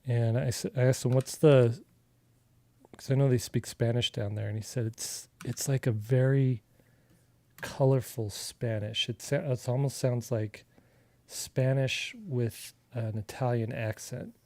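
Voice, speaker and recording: A man from Arizona giving a relaxed, chatty digital art tutorial, talking as he works, with filler words and restarts. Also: medium pitch, measured pace, dry recording. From Arizona, USA. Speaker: artist teaching a digital coloring tutorial. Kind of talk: casual live drawing tutorial.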